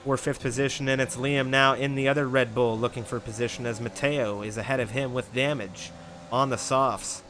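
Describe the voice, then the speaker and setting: Bright-voiced excited racing commentator man. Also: medium pitch, normal speed, slight background noise. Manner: rises to loud half-yelling in battles. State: catching his breath. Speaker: race commentator.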